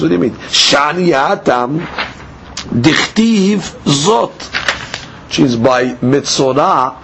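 A man's voice: a little high, fairly bright tone, a little hiss or hum, rough recording. A man giving a daily Talmud lecture, explaining each step by asking and answering his own questions. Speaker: Talmud teacher.

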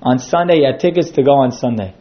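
A man's voice: mid-range voice, quick pace, dull audio. A man giving a sermon that centres on a told story, acting out quotes as he goes. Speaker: synagogue speaker.

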